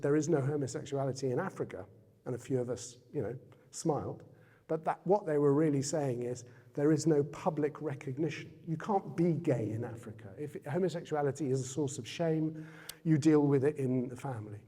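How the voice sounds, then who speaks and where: A man's voice: a little high, warm tone, breathy edge. A man giving a public talk as a guest speaker in a Jesuit centre hall, speaking conversationally and asking the audience questions. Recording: reverberant hall.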